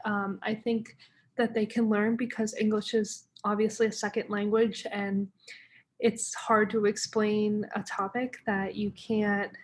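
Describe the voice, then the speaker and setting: A young woman in her twenties from the United States talks through her classroom photos in a relaxed vlog. Her voice sits at a middle pitch, and she fills her speech with "um" and "like," laughing lightly as she goes. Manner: chatty, many fillers, laughs often. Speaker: English teacher. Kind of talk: casual vlog narration.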